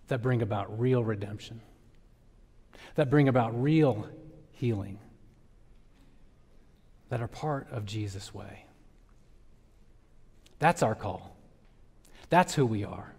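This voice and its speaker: A male pastor closing a sermon with a reflective, measured exhortation in a church. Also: mid-range voice, a little mellow, slightly rough, long reverb tail. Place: church sanctuary.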